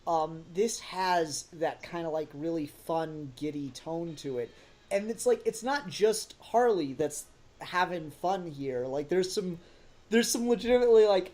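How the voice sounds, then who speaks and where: A man co-hosting a casual podcast film review, talking with animated energy, laughing often and swearing casually. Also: sits high, normal speed. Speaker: podcast co-host.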